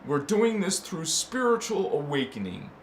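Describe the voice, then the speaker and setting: A man hosting a spiritual talk, rambling between quiet musing and impassioned shouts. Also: high-pitched, very animated, normal speed. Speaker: spiritual channel host. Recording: echoey room with faint noise.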